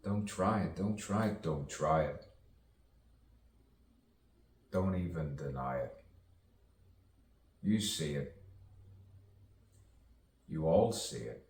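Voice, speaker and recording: A man's voice: a bass voice, animated, slow pace, pauses often, a little mellow. A man delivering a rambling spoken-word soliloquy, musing to himself and repeating phrases. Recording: echoey, distant mic with faint ambience.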